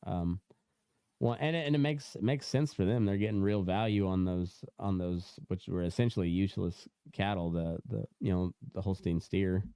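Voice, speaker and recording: A man's voice: low-pitched, normal speed, dark tone, smooth, no echo. A young man hosting a casual podcast chat, rambling with many fillers and restarts and laughing often, on a close mic. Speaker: podcast host.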